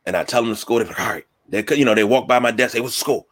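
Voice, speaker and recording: A man hosting a casual sports talk show, telling stories from work and school with lively acted-out quotes. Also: on the low side, racing. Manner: storytelling, animated when acting out quotes.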